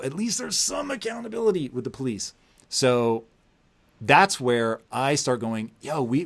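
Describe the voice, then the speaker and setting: A man hosting a podcast interview, telling a story with lively acted-out quotes and plenty of swearing. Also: mid-range voice. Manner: animated storyteller, acts out quotes, heavy swearing. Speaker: podcast host. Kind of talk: casual interview conversation.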